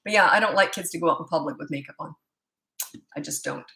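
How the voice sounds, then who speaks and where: A woman's voice: low voice, fast talker, vocal fry, pushed and bright, reverberant. A woman in her sixties from Canada, a parenting coach answering viewer questions in a blunt, firm, opinionated way with rambling asides. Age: 60s.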